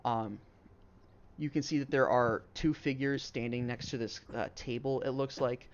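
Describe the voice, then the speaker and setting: A man's voice: medium pitch, steady tone, moderate pace, dull audio. A man narrating as game master of a tabletop game, describing scenes in a loose, rambling way full of fillers.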